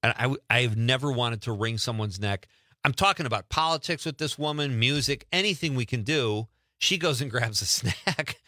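In a mid-range, expressive voice with a bright, forceful tone, a man hosts a show at a moderate pace, chatting casually and joking at his own expense like on radio. It's a dry recording with clean studio sound.

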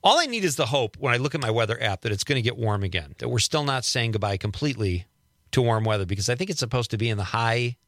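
Male radio host, bright lively delivery, chatty and self-mocking, dry studio mic. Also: mid-range voice, fast, dry recording. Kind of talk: casual radio chat. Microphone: studio microphone.

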